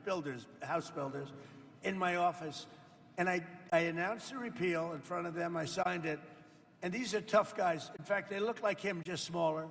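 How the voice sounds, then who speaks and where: Here an older male president speaks to farmers at an indoor roundtable, drifting off-script, bragging, and chatting directly with the audience. The voice sits high, bright and forceful with vocal fry, and a long reverb tail follows it.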